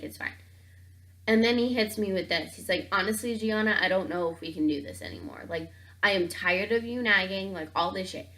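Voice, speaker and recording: Young woman vlogger, casual and animated, packs every line with "like", mid-range voice. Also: medium pitch. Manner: animated, says "like" constantly, acts out both sides of the talk. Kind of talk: casual storytime vlog.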